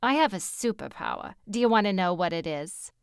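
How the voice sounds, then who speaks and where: A woman's voice: mid-range voice, lively intonation, brisk, clean tone, no echo, clean studio sound, lightly acted. A woman voicing a brash, self-absorbed woman on a date, with a Bronx accent and a gushing, over-eager way of talking.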